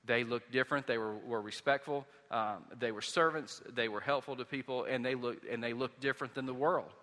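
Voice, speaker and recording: A man's voice: medium pitch, fairly even intonation, fairly quick, pushed and bright. Southern man preaching in a reverberant hall. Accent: Southern American. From Southern United States. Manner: conversational storytelling with many restarts. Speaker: pastor. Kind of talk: sermon.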